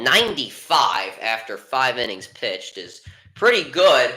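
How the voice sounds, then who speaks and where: Bright-voiced man calling a game live. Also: medium pitch, unhurried, reverberant. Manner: frustrated, swings between muttering and excited calls. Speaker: fan commentator. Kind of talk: live fan play-by-play commentary.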